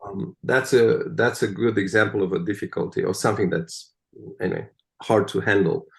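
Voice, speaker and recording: A man being interviewed, explaining at length in an animated, emphatic way and often checking in with "right?". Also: on the low side, moderate pace, creaky. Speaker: guest, translator of the Psalms. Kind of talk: conversational interview.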